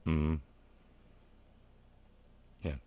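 A man hosting a talk show, delivering sardonic, wry commentary with frequent fillers and halting restarts. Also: no echo, dull audio.

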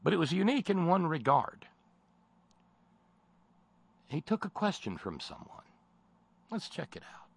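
Gravelly, sardonic male talk host. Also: fairly high pitch, very animated, unhurried, long pauses. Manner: sardonic and rambling. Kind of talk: political commentary talk show.

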